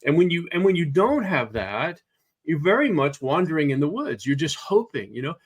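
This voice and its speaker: An older man speaks as a guest on a leadership podcast. His manner is earnest and reflective, and he picks his words carefully. Gentle laughs come through now and then. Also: on the high side, big pitch swings, moderate pace, breathy edge. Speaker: podcast guest, executive coach. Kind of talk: reflective conversational talk.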